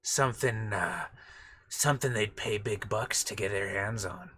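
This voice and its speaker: A man's voice: fairly low pitch, unhurried, pushed and bright, slightly rough, voice pushed down, full character voice. A man voicing a sly, scheming male alien junk dealer with a slightly nasal, half-hearted put-on voice.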